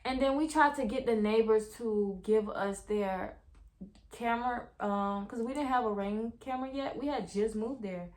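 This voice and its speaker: A young woman, casually telling viewers a story in a vlog, animated, full of slang and swearing. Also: fairly high pitch, moderate pace. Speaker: vlogger.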